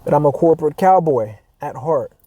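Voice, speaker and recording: Reading out a forum post in a loose monologue, this American podcast host is wry and profane, with frequent restarts and plenty of quote-unquote asides. He sounds fairly high-pitched, animated and mellow, talking fairly quickly, with no room sound at all.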